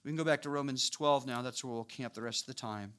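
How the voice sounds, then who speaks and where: A man preaching a sermon, walking through scripture with lively, casual asides and acted-out voices. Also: mid-range voice, fast talker. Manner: animated, acts out voices of biblical figures with casual asides.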